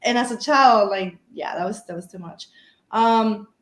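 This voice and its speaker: A woman's voice: mid-range voice, moderate pace. Echoey rambling woman storyteller. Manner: rambling, storytelling with many fillers and restarts. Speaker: guest paranormal investigator. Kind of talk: casual podcast chat.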